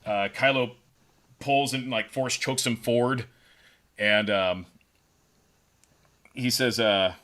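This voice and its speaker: A man co-hosting a podcast, pitching a story casually with lots of fillers and repeated words. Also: steady tone, takes it slowly, pauses often, fairly bright tone. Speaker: podcast co-host.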